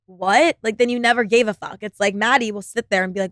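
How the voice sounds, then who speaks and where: A woman's voice: mid-range voice, steady tone, brisk, hardly any pauses, fairly bright tone, no echo, studio quality. Blunt, profane young woman podcaster. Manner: blunt, profane, filler-heavy with frequent "like". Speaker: podcast host. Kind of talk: casual solo podcast monologue.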